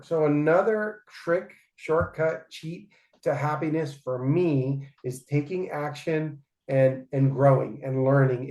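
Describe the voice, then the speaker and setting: A slightly high-voiced man in his forties talks as a podcast guest, telling his stories with emphasis and tossing in "right?" as he goes. The room around him rings with noticeable echo. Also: a little mellow. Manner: emphatic, storytelling, often asks "right?". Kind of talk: casual interview storytelling. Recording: roomy echoey room.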